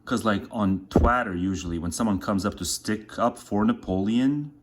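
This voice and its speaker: A man's voice: fairly low pitch, normal speed. A man vlogging in a casual, meandering way, full of filler words, talking while making dinner. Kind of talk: casual rambling monologue.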